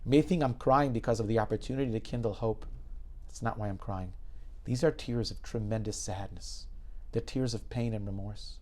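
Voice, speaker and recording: A man voicing a veteran male oncologist confessing with somber regret, a little lower and quieter than his own voice. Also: normal speed, lightly acted. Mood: remorseful.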